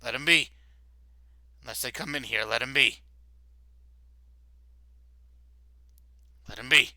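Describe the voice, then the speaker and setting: A man voicing a bossy male guard leader who scolds his men to stay calm. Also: mid-range voice, a little fast, no room sound, clean studio sound. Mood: insistent. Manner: insistent, scolding.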